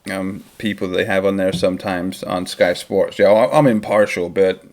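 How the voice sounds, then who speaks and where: Host, male, low voice, opinionated and rambling, loose live-stream chat. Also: steady tone, moderate pace, darkish tone. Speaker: host of a football watchalong stream.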